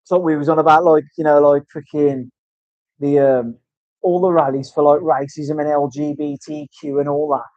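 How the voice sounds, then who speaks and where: A man's voice: fairly high pitch, level tone, moderate pace, a little mellow, dry recording. A man in casual chat, rambling and swearing through banter in a tattoo studio. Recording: dull, dry lo-fi sound.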